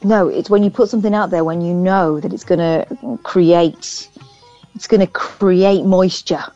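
A woman's voice: lowish voice, steady tone, unhurried, mellow, no room sound, soft background music. A woman co-hosting a radio show, reading out news stories with dry, sarcastic asides. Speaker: radio co-host. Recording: muffled radio studio sound.

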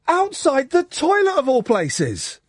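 Man, 40s, radio phone-in host, chatty, self-mocking, lively intonation, dry studio sound. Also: very high-pitched, slow, no echo. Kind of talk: late-night radio phone-in chat.

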